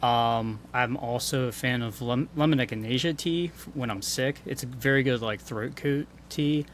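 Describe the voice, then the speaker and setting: A man who teaches and sings, talking as a podcast guest in a relaxed, thoughtful way. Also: mid-range voice, normal speed, slight background noise. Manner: relaxed, thoughtful, with many fillers. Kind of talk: casual chat.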